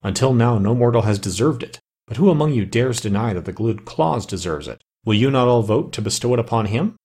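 A man's voice: medium pitch, animated, fairly quick, darkish tone, breathy edge. A man voicing a noble male forest immortal who pleads earnestly and solemnly with his fellow immortals. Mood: persuasive.

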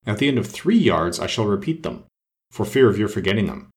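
A man voicing a brisk, commanding but kindly queen in a storybook reading. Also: on the low side, big pitch swings. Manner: brisk, urging, matter-of-fact.

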